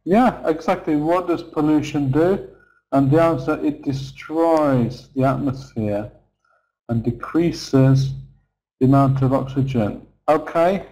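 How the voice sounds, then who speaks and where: A man leads an online lesson at an unhurried pace. His voice sits fairly high but sounds mellow and soft-edged. He repeats key phrases patiently for his students. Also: poor audio. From England. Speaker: English teacher.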